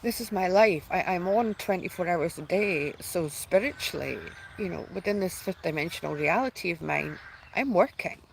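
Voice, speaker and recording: A woman's voice: lowish voice, expressive, normal speed, creaky, low-quality recording. Woman host, personal announcement to her viewers, earnest and rambling, near tears now and then, faint noise underneath. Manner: heartfelt, rambling, many restarts and fillers. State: tearful at times. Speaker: spiritual channel host.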